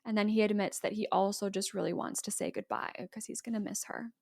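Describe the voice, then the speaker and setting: A woman's voice: medium pitch, fast, vocal fry, no echo, clean studio sound. Woman animatedly recapping a movie. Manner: animated retelling, acting out quoted lines, laughs often. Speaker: podcast co-host.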